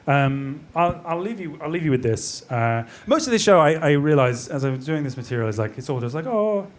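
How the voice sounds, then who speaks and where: High-voiced comic, self-deprecating. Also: male voice, expressive, brisk. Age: around 30. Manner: self-deprecating, rambling asides, laughs at his own lines. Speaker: stand-up comedian. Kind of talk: live stand-up storytelling. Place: small pub comedy room, live audience. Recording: live pub set with audience laughter. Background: audience laughter.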